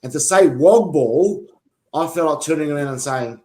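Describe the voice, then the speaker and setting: A man from Australia with an Australian accent, co-hosting a sports show and telling stories in casual, animated banter. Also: fairly high pitch, moderate pace. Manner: animated storytelling, defensive. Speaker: podcast co-host.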